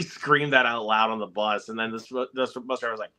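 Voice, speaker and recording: A man's voice: fairly low pitch, steady tone, a little fast, pushed and bright. A young man telling a story in a casual group stream, with many ums along the way.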